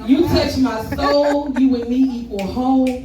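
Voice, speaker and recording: A woman's voice: sits high, fairly even intonation, measured pace. Blunt, rhythmic woman poet, echoey room. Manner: rhythmic, blunt and profane, with laughing asides to the crowd. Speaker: spoken word poet. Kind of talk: live spoken word poetry performance. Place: live poetry event room with an audience. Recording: echoey room, distant mic, background noise.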